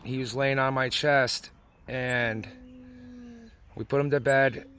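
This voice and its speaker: Young dad talking straight about rough times, emotional, a bit of car noise behind. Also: male voice, medium pitch, fairly even intonation, takes it slowly, a bit bright. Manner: emotional, tearful at times, blunt and plainspoken. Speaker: father telling family story. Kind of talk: personal testimony.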